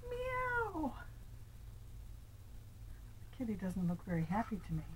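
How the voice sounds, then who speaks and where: An older woman reading a picture book aloud to her grandchild, gentle, asking the child little questions, sometimes dropping into a whisper. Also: on the low side, racing, slight background noise, rough recording.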